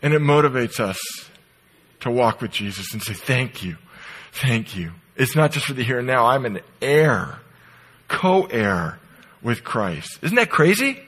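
Man, middle-aged, pastor, sermon in a church, emphatic, breathy husky voice. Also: mid-range voice, very animated, normal speed, low-quality recording. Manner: emphatic, swinging from loud to soft. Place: church sanctuary.

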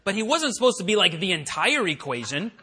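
A man preaching, telling a personal story in a chatty, animated way and acting out the voices he quotes. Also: sits high, brisk, breathy edge. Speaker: pastor. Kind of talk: sermon storytelling. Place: church worship center.

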